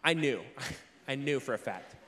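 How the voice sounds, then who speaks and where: A young man giving a motivational speech in a large room, telling a story in a lively, casual way, often saying "like" and acting out what he once said. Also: mid-range voice, measured pace. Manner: animated storyteller, heavy use of "like", acts out his own past lines. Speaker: keynote speaker.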